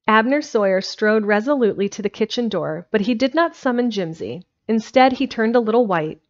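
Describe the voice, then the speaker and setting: A woman reading a storybook aloud in a steady, plain way on a home stream. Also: fairly high pitch, a little fast. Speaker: amateur audiobook reader. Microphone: home streaming microphone. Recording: dull lo-fi home recording.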